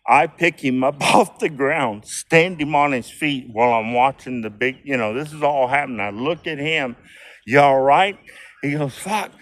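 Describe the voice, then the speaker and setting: An older man in his sixties spins a barroom yarn, cursing freely and chuckling as he goes. His voice sits at an ordinary middle pitch, and the telling is loose and rambling. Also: normal speed, few pauses, fairly bright tone, dry recording. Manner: profane, rambling, laughing as he talks. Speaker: storyteller. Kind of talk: casual storytelling.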